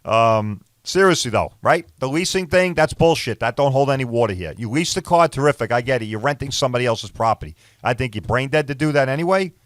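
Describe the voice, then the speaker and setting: Man, podcast host, blunt and profane, mid-pitched voice, dry close mic. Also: expressive, a little fast, hardly any pauses, dry recording. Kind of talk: casual monologue.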